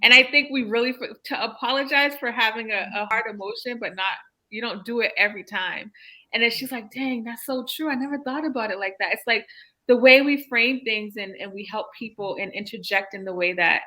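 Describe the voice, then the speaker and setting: A woman hosting a podcast, chatting in an animated way with frequent laughs and many fillers. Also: a little high, brisk. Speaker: podcast host, therapist. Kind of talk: casual interview chat.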